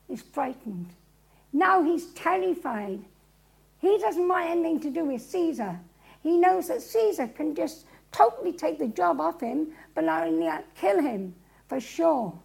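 Woman preacher, high raspy voice, dramatic storytelling sermon. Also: a little mellow, poor audio. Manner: vivid, dramatic retelling, speaking to a live audience.

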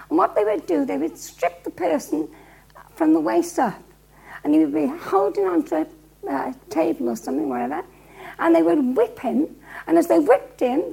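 A woman preacher with a gravelly voice, dramatically retelling a story to a live audience. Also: high-pitched, dark tone, rough recording.

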